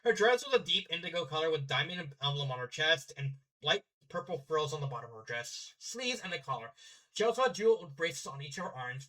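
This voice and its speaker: A man's voice: on the high side, bright, forceful tone, poor audio. A young man casually reading fanfiction aloud, stumbling and correcting himself with chatty asides. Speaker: fanfiction reader.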